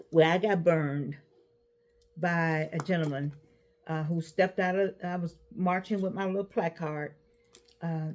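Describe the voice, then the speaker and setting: A woman in her eighties talking casually to camera, giving advice with animated repeats and restarts. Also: on the low side. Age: 80s. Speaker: vlogger.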